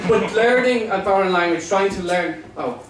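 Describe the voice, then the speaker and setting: A Dublin Irish comedian in his forties works the room with a teasing, chatty delivery. His voice sits fairly high, captured from a distance in a very echoey club. The crowd can be heard around him. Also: normal speed. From Ireland. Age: 40s. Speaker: stand-up comedian. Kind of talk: stand-up comedy with crowd work. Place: comedy club with a live audience. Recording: echoey room, far from the mic, crowd noise.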